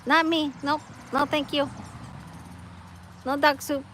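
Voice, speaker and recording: A woman's voice: high-pitched, level tone, slow, a bit bright, a little hiss or hum, low-quality recording. A woman chatting casually outdoors with her live-stream viewers, laughing often and reading out their comments. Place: outdoors, wind and trees nearby.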